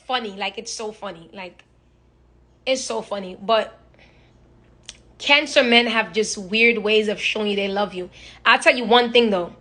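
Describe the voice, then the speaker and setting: Young woman, phone live stream, bright high voice, lively profane storyteller. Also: moderate pace, pauses often. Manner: animated, profane, storytelling with imitated quotes. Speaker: social media personality. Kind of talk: casual live-stream chat.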